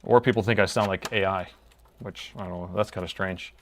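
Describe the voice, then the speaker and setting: A man's voice: low-pitched, fairly even intonation, fairly quick, slight background noise. A man chatting casually with his live-stream viewers while he repairs a laptop, talking to himself as he works.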